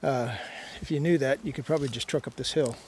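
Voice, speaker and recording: A man's voice: mid-range voice, fast, a little mellow. A man vlogging as he hikes a mountain trail, talking in a rambling, easygoing way with lots of "uh" fillers. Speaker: long-distance hiker vlogger. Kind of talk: casual vlog monologue. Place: outdoors on a mountain hiking trail. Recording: outdoor noise behind the voice.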